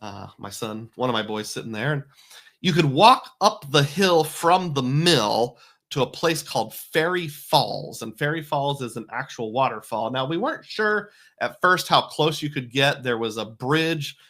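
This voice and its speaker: A middle-aged man with a bright, forceful voice talks over a slideshow of family trip photos. He keeps it folksy and loose, with casual asides and quick self-corrections, at an everyday pitch that sits right in the middle. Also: lively intonation. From United States. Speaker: family travel vlogger.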